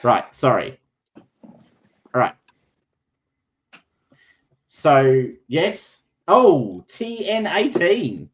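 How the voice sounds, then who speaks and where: A man narrating as game master in a chatty, animated way. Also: fairly high pitch, drawn-out words, pauses often, muffled recording.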